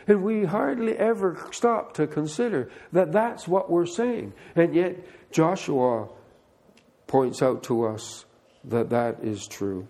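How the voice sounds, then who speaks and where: A man's voice: a little high, animated, normal speed, a little mellow. Older man preaching in a conversational way. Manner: plainspoken, asks the listeners direct questions. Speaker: pastor. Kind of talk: conversational sermon with scripture reading.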